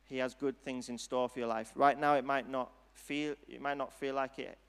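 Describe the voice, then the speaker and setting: A man preaching a sermon and altar call in a church hall, speaking in an earnest, gentle, unhurried way. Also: mid-range voice, level tone, vocal fry, clean tone. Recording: long hall reverb.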